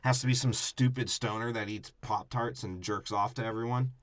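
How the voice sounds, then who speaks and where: A man's voice: on the low side, steady tone, normal speed, dry recording. A man co-hosting a casual movie-review podcast, ranting and mocking with heavy profanity. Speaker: podcast co-host.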